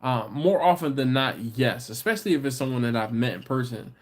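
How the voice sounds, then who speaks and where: A man's voice: medium pitch, animated. Chatty joking man hosting a live chat. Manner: joking, teasing, chatty, quick laughs. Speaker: livestream host. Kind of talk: casual live chat, reading viewer comments aloud.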